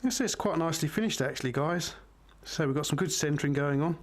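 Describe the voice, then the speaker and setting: A middle-aged man with a slightly raised voice reviews a knife in a relaxed, unhurried way. He keeps turning to his viewers with friendly asides. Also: fairly high pitch. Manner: chatty, unhurried, addresses viewers as guys. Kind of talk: casual product review.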